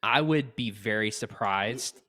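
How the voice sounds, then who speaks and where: He's a podcast co-host in his late twenties, hailing from North Carolina, whose casual talk becomes a worked-up rant with sudden vocal jumps. Unusually for him, his voice here is fairly low and his delivery measured.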